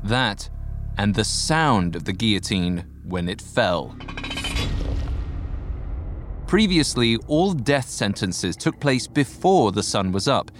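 Man narrating with a lively, rising-and-falling voice. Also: lowish voice, a little slow, a little hiss or hum. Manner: animated, expressive storytelling. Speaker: guest host. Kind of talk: scripted narration.

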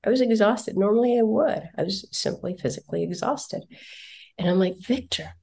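A woman's voice: mid-range voice, normal speed, creaky, breathy edge. A woman in her forties talking casually on a parenting podcast, telling personal stories and acting out the voices of the people in them. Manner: animated storyteller, acts out quotes. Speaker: parenting guest.

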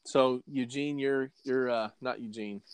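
A man's voice: medium pitch, steady tone, unhurried, slight background noise. Hesitant male game master. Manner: hesitant, lots of fillers and restarts. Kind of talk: narrating a tabletop game.

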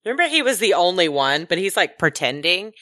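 A woman co-hosts a casual book-talk podcast with a low voice. She talks in an animated way, laughs often and acts out quoted lines in exaggerated voices. The recording is dry and close. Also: a little fast, dry recording. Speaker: podcast co-host. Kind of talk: casual chat.

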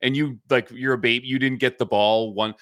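A man's voice: medium pitch, fairly even intonation, fairly quick, fairly bright tone, no room sound, studio quality. A middle-aged man co-hosting a podcast in casual chat, swearing freely and laughing mid-story. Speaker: podcast co-host.

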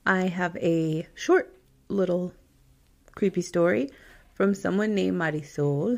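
A woman's voice: fairly low pitch, slow, creaky. A woman hosts a podcast and reads listener stories in a loose, casual chat. She laughs easily, and she turns tearful over the sad parts. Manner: emotional, laughs often, tearful at times.

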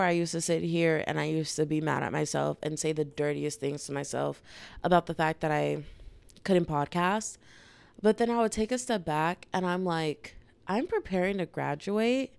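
Low, gravelly young woman podcasting casually. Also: dry recording. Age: 20s. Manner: candid, rambling, slangy. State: dry, irritated throat. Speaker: podcast host. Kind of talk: casual solo podcast talk.

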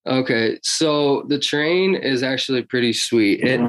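A man's voice: medium pitch, measured pace, a bit bright, poor audio. A man talking casually about hunting history in an interview, rambling with many fillers and restarts. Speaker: hunting guest.

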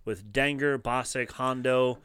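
A man in casual podcast chat, excitable and playful. His voice is smooth and clear, set close to the mic in a dry room. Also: medium pitch, takes it slowly, dry recording. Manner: enthusiastic, jokey, laughs often. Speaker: podcast co-host.

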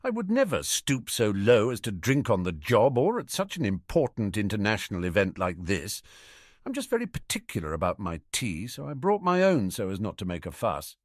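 A man's voice: fairly low pitch, huge pitch swings, normal speed, no room sound, studio quality. A man voicing a stern, disdainful senior ministry official who talks in a clipped, formal way.

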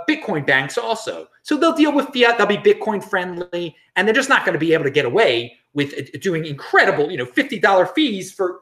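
A man's voice: fairly high pitch, a bit bright, reverberant. A man hosting a casual commentary show, joking and rambling, often repeating words. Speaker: host. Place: home studio in Los Angeles.

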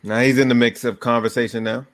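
A man's voice: medium pitch, little pitch movement, quick pace, dry recording. A laid-back man with a mid-range voice drops dry asides into a sports conversation. The sound is close and dry, with no room around it. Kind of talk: casual sports talk.

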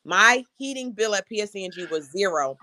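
A woman hosting a casual talk show, telling a personal story in a frank, animated way with laughs. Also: mid-range voice, brisk, a little hiss or hum. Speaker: host.

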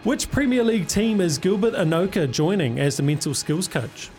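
A man's voice: sits high, lively intonation, moderate pace, a little mellow, soft background music. A man hosting a radio sports quiz, upbeat and matey with plenty of slang. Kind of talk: casual radio banter. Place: radio studio.

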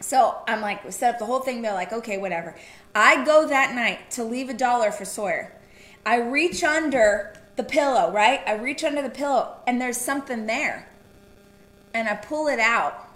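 A woman co-hosting a casual chat, telling a family story in an animated way with quick asides. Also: on the high side, reverberant. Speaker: podcast co-host.

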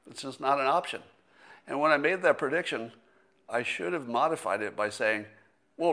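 A man's voice: mid-range voice, fairly bright tone. A middle-aged man hosting a casual solo commentary stream, rambling and thinking aloud with fillers and restarts, sometimes sarcastic. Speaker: host.

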